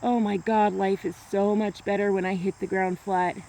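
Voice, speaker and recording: A woman's voice: medium pitch, level tone, moderate pace, vocal fry, mellow, slight background noise. A woman talking to a small camera outdoors on a grassy hill, in a rambling casual monologue full of "like" and restarts. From United States. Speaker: vlogger.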